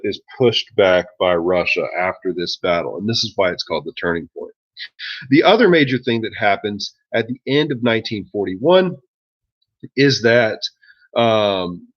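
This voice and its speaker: A man's voice: on the low side, dull audio. A man teaching a history class in a casual, joking way, with many ums and uhs. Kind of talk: classroom lecture.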